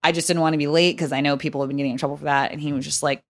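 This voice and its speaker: A young woman on a podcast rattles through a workplace story at a quick clip, swearing freely and leaning on filler words. Her voice sits on the lower side for a woman. She tells it as easygoing, lively chat. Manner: animated, profane storytelling with many fillers. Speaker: podcast guest.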